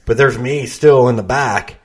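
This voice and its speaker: A man sits in on a casual podcast chat as a guest. His voice sits at an ordinary pitch. He tells stories loosely, pokes fun at himself and breaks into laughter often. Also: unhurried. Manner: self-deprecating, storytelling, laughs often.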